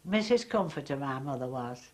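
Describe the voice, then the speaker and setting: Low-voiced older woman telling a story. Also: animated, moderate pace, a little mellow, a little hiss or hum. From Britain. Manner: acts out quoted dialogue, chatty. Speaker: interviewee recalling childhood. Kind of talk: anecdotal storytelling.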